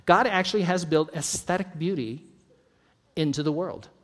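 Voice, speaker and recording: High-voiced pastor in an echoing hall. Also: male voice, moderate pace. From North Idaho. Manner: conversational, joking asides, laughs often. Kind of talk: sermon.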